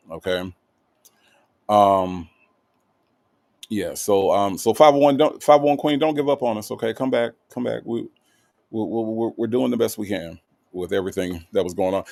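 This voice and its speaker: Guy hosting a true crime stream over video call, lower voice, keeps saying sorry and okay. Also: a little mellow, no room sound. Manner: apologetic, repeats okay and all right a lot. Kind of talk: casual live-stream chat, reading viewer comments.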